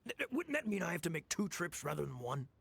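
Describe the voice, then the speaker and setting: A crafty male laborer in a video game, haggling over every coin in a put-on Irish accent. His voice is gravelly and husky, sitting a little high, and it swings animatedly up and down. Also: very animated, fast talker, fairly bright tone, no room sound, exaggerated voice. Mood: shrewd haggling. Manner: shrewd, bargaining, sly. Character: wily adult male odd-job worker haggling.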